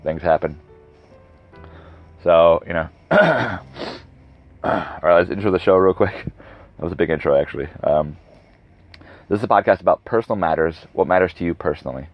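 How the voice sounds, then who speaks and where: Here a podcast host in his thirties speaks with a low voice at a moderate pace, pausing often, with no room sound. Alone at the mic, he rambles loosely, wanders off on tangents, and fixes his own words mid-thought. Music plays behind him on a dull, lo-fi recording.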